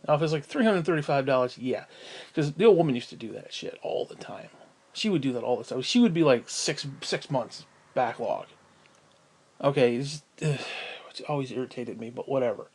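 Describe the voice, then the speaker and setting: A man's voice: mid-range voice, lively intonation, brisk, a little mellow. A man venting at home in a casual vlog, profane and sighing as he rants. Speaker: vlogger.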